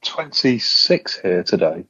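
A man chatting casually on a podcast, quick and sweary in his teasing. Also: deep voice, sing-song, pushed and bright, breathy edge, no echo, highs cut off. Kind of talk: casual chat.

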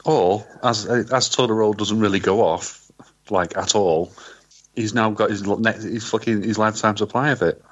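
A man with a lowish voice, trading crude comic banter in a deadpan way. The sound is dry and somewhat dull. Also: normal speed, dry recording. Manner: deadpan, sweary storytelling.

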